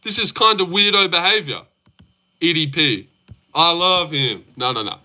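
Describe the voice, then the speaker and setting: Young man, livestream host, bright tone, teasing, casual swearing. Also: moderate pace. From Australia. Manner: teasing, swears freely, jumps up in pitch when mocking. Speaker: livestream host reading chat. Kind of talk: casual live chat about fights.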